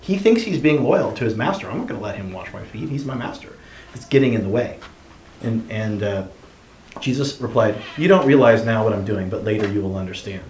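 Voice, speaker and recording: A man's voice: lowish voice, animated, brisk, a little mellow. Man leading a roomy group discussion. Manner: reads passages aloud and asks the group questions. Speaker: discussion leader. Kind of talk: group Bible study discussion. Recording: roomy room sound, faint noise.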